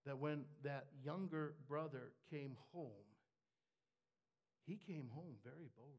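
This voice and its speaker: A man preaching a sermon with passion, halting and repeating words, dropping to whispers and rising to shouts. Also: on the high side. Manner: impassioned, swings from hushed whispers to shouts. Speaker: pastor. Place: church with a screen for the congregation.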